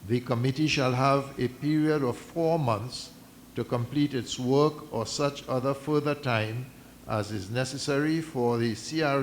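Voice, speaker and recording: A man speaking formally at a community meeting, measured and deliberate, stopping and restarting as he reads out a document. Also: mid-range voice, slight background noise. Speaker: mosque community representative addressing a meeting. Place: islamic centre meeting hall.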